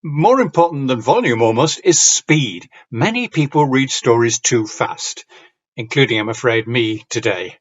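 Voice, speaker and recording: A man from Yorkshire with a Yorkshire accent, giving a conference talk on reading aloud with clear diction and a slight storytelling lilt. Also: mid-range voice, animated, measured pace, lo-fi sound. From Yorkshire, northern England. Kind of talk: lecture with read-aloud examples.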